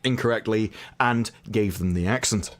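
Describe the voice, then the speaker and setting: A man's voice: lowish voice, moderate pace. A man with a casual received-pronunciation English accent, co-hosting a chatty livestream and explaining things at length with frequent restarts. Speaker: co-host.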